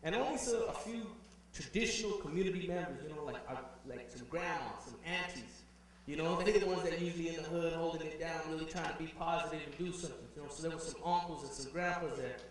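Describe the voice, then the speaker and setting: A young man telling a personal story in an animated way as a conference speaker, heard from afar in a big hall with a faint hum. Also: a little high, fast talker, recorded from a distance. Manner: animated, acts out quoted voices.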